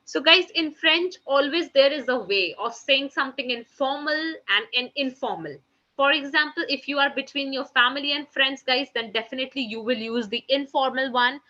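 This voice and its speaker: A woman's voice: sits high, moderate pace, bright, forceful tone, lo-fi sound. A woman teaching a live online French class. She keeps calling the students "guys" and says each French phrase twice. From India.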